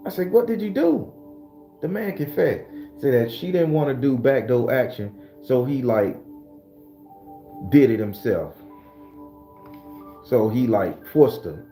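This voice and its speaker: Mellow-voiced man telling a story. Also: medium pitch, a little slow, pauses often, roomy sound, soft background music. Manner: profane, animated, streetwise. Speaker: spiritual channel host. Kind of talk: casual storytelling.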